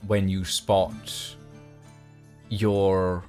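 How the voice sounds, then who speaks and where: A man runs a tabletop game as game master, narrating slowly with many ums and uhs. His voice sits fairly low. Faint guitar music plays behind him. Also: little pitch movement, a little mellow. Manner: unhurried, full of ums and uhs.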